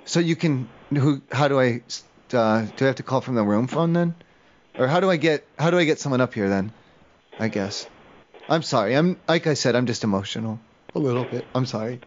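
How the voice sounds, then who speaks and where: A man's voice: mid-range voice, lively intonation, brisk, a little hiss or hum. A man making a prank phone call, whiny, emotional and easily offended. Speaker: prank caller.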